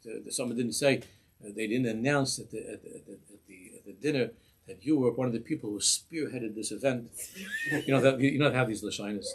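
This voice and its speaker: A rabbi teaches in a lively, joking way, laughing at his own examples as he goes. His voice sits at an ordinary middle pitch for a man, with a faint hiss of background noise behind it. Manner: lively and humorous, laughs at his own examples, mixes in Hebrew and Yiddish terms. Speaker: rabbi teaching a weekly class. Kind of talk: informal Torah talk.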